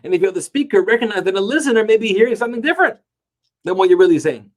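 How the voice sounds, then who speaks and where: A fairly high-voiced man gives a Talmud class, his pitch rising and falling over a wide range as he tells the story. He slows down to stretch the words he wants to stress, and his delivery is emphatic and animated. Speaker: Torah teacher.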